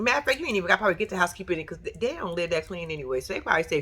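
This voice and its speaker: A reaction vlogger delivers blunt, profane, sassy commentary in a casual vlog, speaking directly to the person on the TV show. Her mid-range voice is animated, pushed and bright with a breathy edge, and she races along with hardly any pauses.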